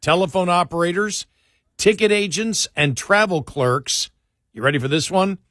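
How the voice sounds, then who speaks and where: A man's voice: high-pitched, moderate pace, fairly bright tone, no echo, studio quality. A man hosting an overnight radio talk show, reading a list aloud and trading quips, his speech speeding up when he gets annoyed. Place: radio studio. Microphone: studio microphone.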